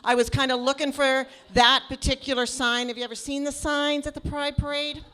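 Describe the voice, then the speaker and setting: A high-pitched woman performs a stand-up set, loud and animated. She tells her story on a live comedy stage into a handheld mic. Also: brisk.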